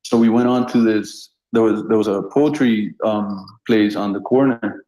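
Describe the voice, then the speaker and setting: A man in his thirties from Colombia, a street artist telling funny anecdotes in a relaxed, animated way and laughing often. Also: lowish voice, normal speed. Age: 30s. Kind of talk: casual storytelling. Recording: roomy echo.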